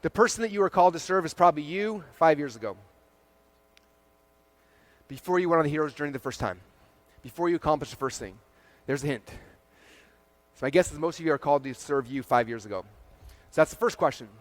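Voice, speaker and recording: A middle-aged man giving an energetic motivational talk on stage to a live audience, conversational, full of fillers and quick check-ins with the crowd. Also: on the high side. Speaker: keynote speaker at a marketing event.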